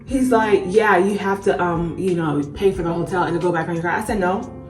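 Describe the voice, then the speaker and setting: Young woman ranting a storytime over her makeup, lowish voice, roomy echo, a bit off mic, faint music. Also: a little fast, distant mic. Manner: animated, swears freely, addresses viewers as y'all. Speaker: beauty vlogger. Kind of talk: casual storytime while doing makeup.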